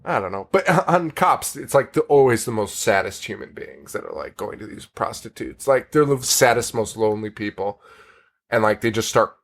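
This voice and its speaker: A man's voice: lowish voice, animated, moderate pace, vocal fry. A man hosting a podcast, recapping a horror film in casual chat, rambling, swearing and laughing often. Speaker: podcast host.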